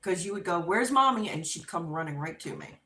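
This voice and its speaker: A middle-aged woman hosting a livestream, chatting casually and telling an unhurried story with laughs while she crafts. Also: low-pitched, echoey room, slight background noise. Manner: animated and expressive when acting out quotes. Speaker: livestream host.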